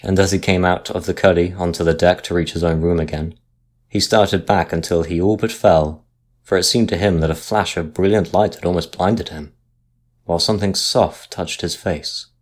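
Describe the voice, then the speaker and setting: A man reading a sea story aloud as narrator, in a measured, steady manner. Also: low voice.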